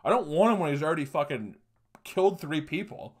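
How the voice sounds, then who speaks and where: A man's voice: on the high side, expressive, fairly quick, husky. A young man hosting a podcast, rambling through a personal story with lots of swearing and laughing asides. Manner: profane, rambling, laughs through sad stories. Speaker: podcast host. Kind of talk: casual storytelling monologue.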